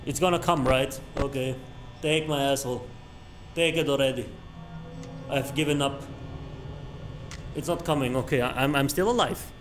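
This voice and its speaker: A man's voice: mid-range voice, moderate pace, pauses often, soft background music. A male streamer reacting to a horror game, crude and panicky, swearing and yelping at every scare.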